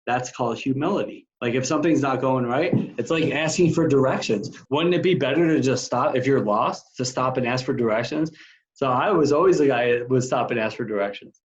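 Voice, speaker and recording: A man's voice: medium pitch, a little fast. A man hosting a podcast, a coach who speaks earnestly and encouragingly to his guest. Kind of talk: casual interview talk. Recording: slightly dull audio.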